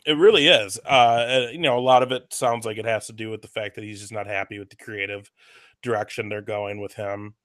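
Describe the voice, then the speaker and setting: A man's voice: on the low side, fairly even intonation, fairly quick, fairly bright tone, dry recording, studio quality. A man co-hosting a casual wrestling talk show, giving his opinions on recent news. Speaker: podcast co-host. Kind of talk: casual chat, wrestling commentary.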